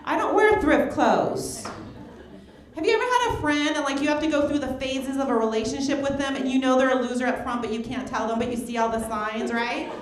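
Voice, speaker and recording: A woman's voice: sits high, fast, few pauses. A woman stand-up comedian on a club stage, delivering sarcastic, punchy jokes into a handheld mic. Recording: echoey club with crowd laughter. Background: audience laughter.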